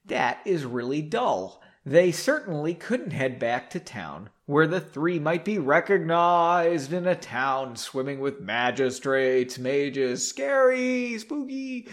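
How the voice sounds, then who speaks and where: A podcast host reads a story aloud in a comic style and keeps breaking in with sarcastic jokes. His voice sits fairly high for a man. Its pitch bounces widely. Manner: sarcastic, mocking interruptions. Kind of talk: comic reading with asides.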